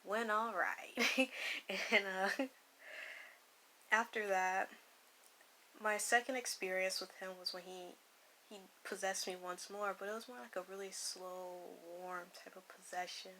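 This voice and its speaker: A woman's voice: mid-range voice, steady tone, unhurried, bright, forceful tone, slight background noise, rough recording. A young woman telling a personal story in a casual, rambling way, often swearing and dropping into a whisper. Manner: profane, rambling, slips into whispers and laughs. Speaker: vlogger.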